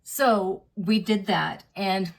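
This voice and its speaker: A woman's voice: medium pitch, fairly even intonation, very slow, gravelly. A woman in her thirties, a vlogger, telling a personal story in a candid, chatty way full of fillers and reenacted dialogue.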